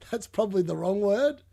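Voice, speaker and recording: An Australian man hosting a live fantasy football watchalong, chatting and laughing with viewers and shouting at every chance. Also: sits high, creaky. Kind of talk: live watchalong commentary and chat replies.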